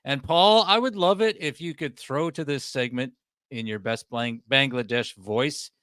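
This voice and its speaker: A man with a Canadian accent hosting a comedy podcast, excitable and laughing often. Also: mid-range voice, a little slow, clean tone, dry recording, clean studio sound. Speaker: podcast host. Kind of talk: casual comedy podcast chat.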